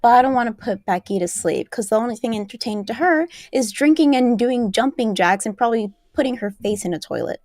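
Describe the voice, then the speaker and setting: A woman with a slightly high voice, recorded dry and close. She debates bluntly, throwing sarcastic jabs. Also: expressive, a little fast, few pauses, darkish tone, no room sound. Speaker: podcast co-host. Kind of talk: heated podcast debate.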